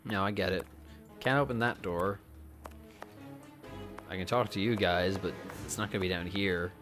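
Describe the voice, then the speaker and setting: A woman's voice: extremely low pitch, steady tone, normal speed, music in the background. A tipsy woman streaming a game, talking to herself with lots of swearing. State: drunk. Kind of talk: casual game commentary.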